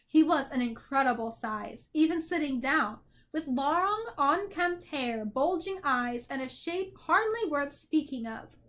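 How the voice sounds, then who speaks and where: A woman reading a children's novel aloud with expressive storytelling. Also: high-pitched, measured pace. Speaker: narrator.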